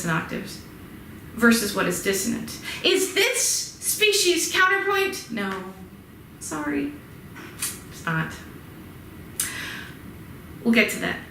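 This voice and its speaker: A woman's voice: fairly high pitch, a bit bright, slight background noise. Chatty woman lecturing in an echoey room. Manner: chatty, demonstrates rhythms by chanting and singing. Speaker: music history instructor. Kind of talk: recorded lecture. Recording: echoey room with faint ambience.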